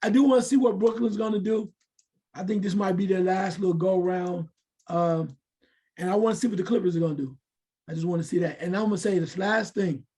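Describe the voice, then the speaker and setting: A man's voice: sits high, brisk, mellow, husky. A man co-hosting a sports talk show, giving loose, opinionated takes. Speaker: sports radio co-host.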